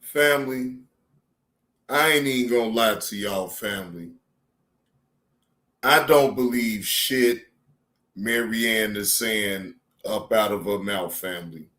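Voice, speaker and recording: Slow, laid-back male reaction host. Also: lowish voice, sharp tone. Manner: laid-back, addresses viewers as family. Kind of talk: casual commentary.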